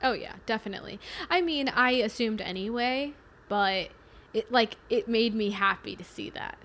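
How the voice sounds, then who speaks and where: A woman's voice: fairly high pitch, moderate pace, a bit bright. A young woman co-hosting a podcast in upbeat casual chat, laughing often. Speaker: podcast co-host.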